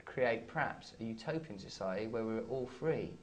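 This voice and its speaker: A man in his thirties with an English accent, a comedian guest in an interview, rambling through absurd deadpan jokes. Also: lowish voice, normal speed, slight background noise. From England. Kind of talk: playful interview banter.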